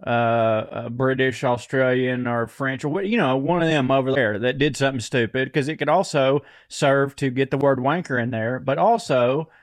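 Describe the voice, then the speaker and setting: A man's voice: medium pitch, moderate pace, hardly any pauses, dry recording, clean studio sound. A man, co-hosting a podcast in casual, laid-back chat, reading listener mail aloud and laughing often. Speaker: podcast co-host.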